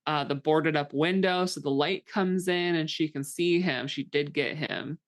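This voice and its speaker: A woman co-hosting a podcast, recapping a film in a blunt, animated, casual way with some swearing. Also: deep voice, unhurried, no room sound. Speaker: podcast co-host. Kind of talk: casual chat.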